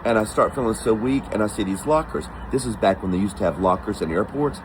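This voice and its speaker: A man's voice: on the low side, quick pace, background noise. A man telling a personal travel story casually and with animation, acting out the voices of the people in it. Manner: animated, acts out quoted voices.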